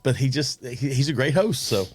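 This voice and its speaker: A man hosting a podcast, telling animated anecdotes with restarts and chuckles. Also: medium pitch, a little fast, a little hiss or hum. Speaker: podcast host. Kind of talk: casual storytelling chat.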